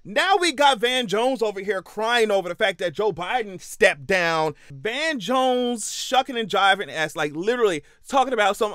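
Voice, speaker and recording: A sassy, emphatic man with a high voice rants through casual political commentary. He hammers his points by repeating them. The sound is dry and close. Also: expressive, moderate pace, pushed and bright, dry recording. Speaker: commentary vlogger.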